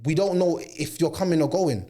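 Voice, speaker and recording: A man's voice: on the high side, normal speed. A young man, co-hosting a casual chat and acting out quoted voices. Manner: animated, acts out quoted voices. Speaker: podcast host.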